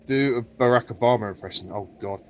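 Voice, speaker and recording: A man's voice: medium pitch, fast talker, a little hiss or hum. A young man in a casual chat, playfully asking others for impressions.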